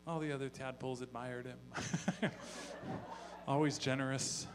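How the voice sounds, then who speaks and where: A man doing a stand-up comedy set on stage, telling stories in a deadpan voice with profane asides. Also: mid-range voice, normal speed. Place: live comedy venue on stage.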